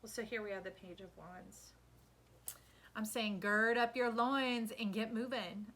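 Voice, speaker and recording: A woman reading tarot cards aloud in an animated, coaching way, with sudden loud bursts. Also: on the high side, unhurried. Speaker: intuitive tarot reader.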